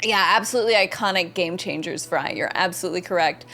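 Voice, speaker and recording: A woman's voice: on the low side, fast, pushed and bright, faint music behind. A young adult woman streaming a game, casually chatting, greeting and thanking viewers by name and reading their messages aloud. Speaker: gaming streamer. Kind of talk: casual live-stream chat.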